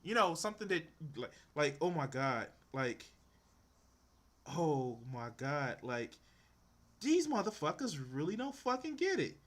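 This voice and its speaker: A man's voice: fairly high pitch, big pitch swings, unhurried, fairly bright tone. A young man streaming as he draws, reacting to a video with profane, exasperated ranting. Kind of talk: casual reaction commentary.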